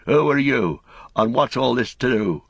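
A man voicing a blunt, excitable middle-aged hobbit farmer with rustic speech, in a storybook reading. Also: medium pitch, a little slow, vocal fry, husky, no room sound, clean studio sound, voice pushed up, exaggerated voice. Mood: suspicious.

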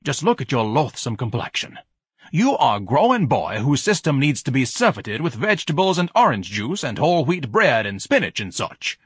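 A man's voice: mid-range voice, sing-song, moderate pace, husky, no echo, clean studio sound, pitched above the performer's own voice. A man voicing a pompous, fussy grown man who speaks in lofty, formal phrases. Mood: haughty. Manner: haughty, lofty, fussy diction, shrieks when upset.

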